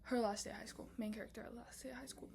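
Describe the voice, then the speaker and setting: A woman's voice: fairly high pitch, steady tone, rapid-fire, gravelly, slight background noise. A young woman casually talking through her film script idea late at night, often whispering and full of filler words. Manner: whispering, then bursting into loud asides. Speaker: student pitching a film script. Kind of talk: casual chat.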